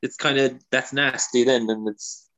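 A man's voice: mid-range voice, fairly even intonation, measured pace, highs cut off, crowd noise. A man with a Kerry accent, a comedian chatting loosely as an interview guest, trailing into restarts and "you know". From Ireland. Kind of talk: casual interview chat.

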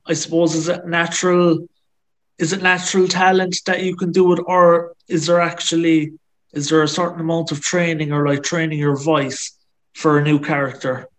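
A man with a Kerry accent hosting an interview, asking easygoing, halting questions. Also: a little high, flat delivery. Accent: Irish, Kerry. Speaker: podcast host. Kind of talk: casual interview.

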